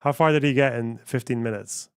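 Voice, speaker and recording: A man's voice: mid-range voice, steady tone, a little fast, clear, resonant tone, no echo. A male streamer hosts a casual live broadcast with a mid-range voice. He mutters and chuckles in an offhand way, and the sound is dry and close. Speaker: streamer host reacting to clips.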